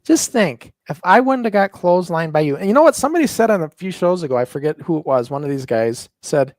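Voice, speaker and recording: A man's voice: high voice, lively intonation, fast talker, no echo. A man from the northern US co-hosting a wrestling podcast, boastful and teasing, rambling with fillers. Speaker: podcast co-host. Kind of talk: casual podcast banter.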